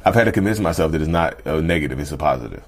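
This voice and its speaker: A man talking casually to his viewers on a vlog, animated and repetitive, calling them y'all, and tired. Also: extremely low pitch, rapid-fire. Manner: animated, repeats himself, addresses viewers as y'all. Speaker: vlogger. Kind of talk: casual talk to camera.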